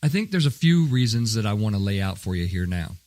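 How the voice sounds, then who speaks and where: A man's voice: on the low side, big pitch swings, fast talker, a little mellow, no echo. A man hosting a podcast, chatting in an upbeat, jokey way with frequent fillers. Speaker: podcast host. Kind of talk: casual podcast talk.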